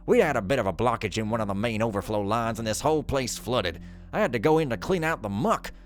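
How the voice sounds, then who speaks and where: A plainspoken working-class sewer worker, as a man puts him on, talking in a folksy, ungrammatical drawl at a middling pitch. The read-aloud note comes over a faint bed of game music. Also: lively intonation, fast, natural voice. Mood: reassuring.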